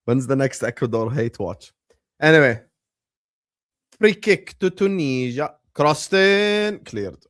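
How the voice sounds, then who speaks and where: A man hosting a casual live watchalong, chatty and bursting into excited shouts. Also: medium pitch, slow pace, no echo, clean studio sound. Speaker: livestream host.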